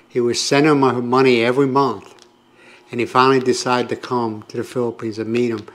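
An older man from the United States, telling a long story to his vlog audience in a rambling, conversational way with many asides. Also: medium pitch. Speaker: vlogger. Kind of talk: casual storytelling to camera.

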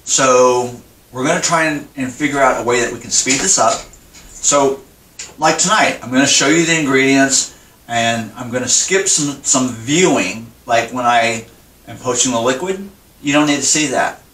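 A man's voice: mid-range voice, moderate pace, bright, forceful tone, slight background noise. A man hosting a casual cooking vlog, talking candidly and in a rambling way about his recipe and his struggles. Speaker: cooking vlogger. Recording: roomy sound from a distant mic.

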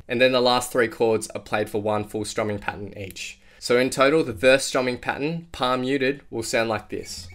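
A man in a guitar tutorial, walking through finger positions and counting the beat aloud as he strums. His voice sits at an ordinary pitch, with an acoustic guitar ringing loudly under his speech. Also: steady tone, moderate pace, few pauses. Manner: clear step-by-step instruction, counting beats aloud. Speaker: guitar teacher. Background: acoustic guitar playing.

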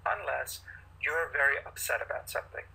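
A man, a paediatrician guest in an interview, explaining parenting advice in an animated way and acting out parents and children as he goes. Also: a little high, moderate pace, vocal fry, husky, rough recording.

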